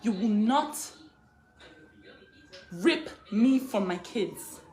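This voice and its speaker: A young woman from Africa vlogging straight to camera, her voice sitting a little high. She is indignant and hammers the same phrases again and again, swelling into defiant outbursts. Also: lively intonation, very slow, a little mellow. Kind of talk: emotional direct-to-camera vlog.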